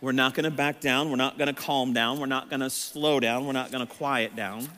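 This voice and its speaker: A man preaching a sermon, his voice scratchy and strained, building to shouted emphasis with rhetorical questions. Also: medium pitch, fairly even intonation, a little fast. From Texas. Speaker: pastor. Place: church sanctuary. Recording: long hall reverb.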